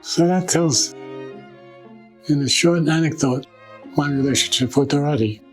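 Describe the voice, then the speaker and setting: Older male storyteller, oral history; brightish pitch, acts out dialogue, soft violin bed. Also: unhurried, faint music behind, low-quality recording. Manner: animated anecdotes, acting out quoted voices.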